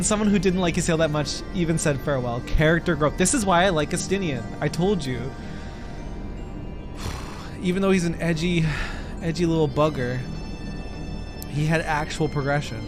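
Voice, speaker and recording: A young man streaming a game, reacting loudly, swearing and joking with chat. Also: a little high. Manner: animated, swearing, loud reactions. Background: music.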